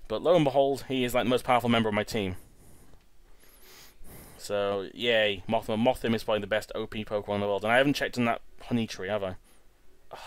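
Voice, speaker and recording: A man's voice: fairly low pitch, clean tone, dry recording. Chatty guy with a dry sound. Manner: chatty, rambling, stumbles and repeats words. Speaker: let's-play host. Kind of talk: casual gameplay commentary. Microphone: home recording setup.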